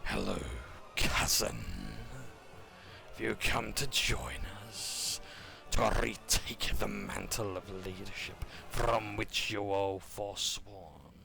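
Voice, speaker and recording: Man putting on a low, drawling draconian chief, cold and scornful, slow delivery. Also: gravelly, music in the background. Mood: menacing. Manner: slow, drawn-out, contemptuous delivery. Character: slow, menacing male draconian leader.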